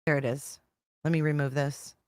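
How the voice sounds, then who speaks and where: Woman streamer, low voice, close and dry, rambling and profane. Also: flat delivery, moderate pace, no echo. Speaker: true-crime commentary host. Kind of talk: casual livestream commentary reading texts aloud.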